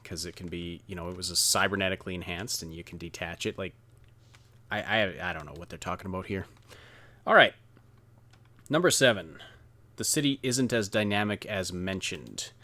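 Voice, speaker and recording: Low-voiced man reading gaming news. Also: lively intonation, sharp tone. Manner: measured, reads from articles, hesitant restarts. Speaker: podcast co-host. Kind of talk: casual podcast chat.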